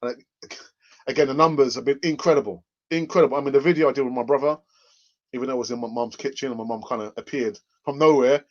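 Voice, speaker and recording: A man's voice: mid-range voice, steady tone, quick pace. A man hosting a casual live fan stream, joking, laughing often and reading out viewer comments. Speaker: host of a live fan channel. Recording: dull lo-fi microphone sound.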